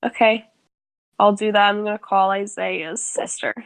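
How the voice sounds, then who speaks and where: A woman's voice: mid-range voice, fairly even intonation, normal speed, no echo. A woman playing her character in a tabletop game, hesitant and laughing often. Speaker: tabletop player. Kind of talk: casual play in character.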